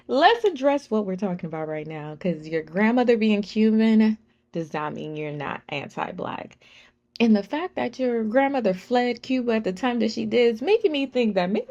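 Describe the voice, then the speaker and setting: A young woman from California speaks in a high, Valley-girl-like voice. She tells stories in a loose, animated way, slipping into the voices of the people she quotes. The audio is slightly dull and lo-fi. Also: moderate pace. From Southern California. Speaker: vlogger. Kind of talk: casual monologue.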